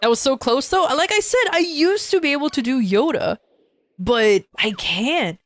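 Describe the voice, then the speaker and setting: A woman's voice: sits high, expressive, normal speed, dry recording. A woman streamer chatting casually with her viewers, playful and joking, laughing often. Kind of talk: casual live-stream chat.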